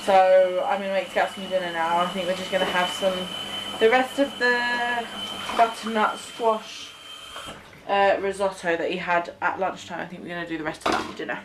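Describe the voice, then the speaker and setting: A woman's voice: fairly low pitch, steady tone, normal speed, background noise. Chatty young mum feeding her baby. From Cheshire, England. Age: young adult. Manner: chatty, coaxing baby talk while feeding her son. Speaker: family vlogger and mother. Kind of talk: casual vlog chat. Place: at home.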